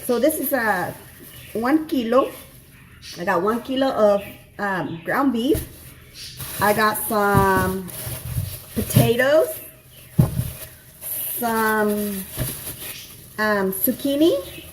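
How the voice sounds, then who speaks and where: Woman, home cooking vlog, unhurried, rambling with fillers, teary from onions, faint noise. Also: on the high side, animated. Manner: chatty, rambling, many fillers and self-corrections. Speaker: cooking vlogger. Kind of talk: casual cooking tutorial. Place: home kitchen in Mexico.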